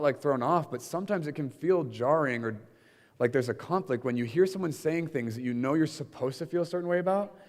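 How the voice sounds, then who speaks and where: Man teaching in an echoey hall. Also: mid-range voice. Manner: conversational, with many fillers and acted-out quotes. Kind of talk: informal teaching session. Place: teaching room with an audience.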